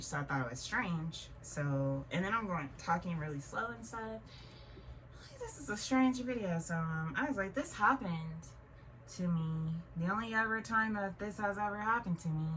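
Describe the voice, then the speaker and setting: Low-voiced woman in her 30s rambling thru a weird story, kinda far from the mic, faint hiss. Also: fairly bright tone. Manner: rambling, full of "like" and restarts. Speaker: vlogger. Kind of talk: casual storytelling monologue. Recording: distant mic with faint noise.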